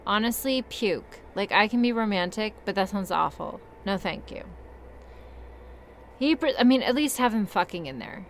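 A woman's voice: mid-range voice, animated, moderate pace, slight background noise. A young woman reading a story aloud and mocking it with sarcastic, swearing asides. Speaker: story reader.

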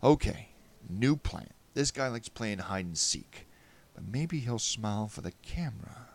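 Deep-voiced man narrating with wry animation. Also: expressive, moderate pace, a bit bright, slight background noise. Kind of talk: first-person story narration.

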